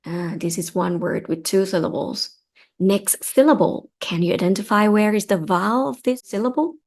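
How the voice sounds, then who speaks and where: A young woman with a Thai accent, a native Thai speaker, patiently teaching beginners to read Thai. She explains step by step and repeats each word slowly for learners to follow. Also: medium pitch. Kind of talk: step-by-step reading lesson.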